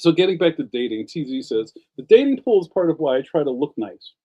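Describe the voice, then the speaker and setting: A man's voice: a little high, sing-song, brisk, mellow, muffled recording. A man hosting a casual livestream, a cartoonist telling rambling stories full of slang, laughing often and reading out viewer comments.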